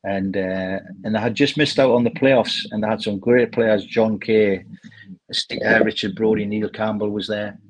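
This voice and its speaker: A man, a former footballer casually telling lively anecdotes and mimicking people in them. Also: lowish voice, normal speed, poor audio. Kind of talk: casual storytelling.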